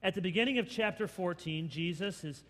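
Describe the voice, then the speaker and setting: A male pastor preaching a sermon, dramatically acting out scenes and swinging between loud and hushed. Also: high-pitched, a little fast, long reverb tail.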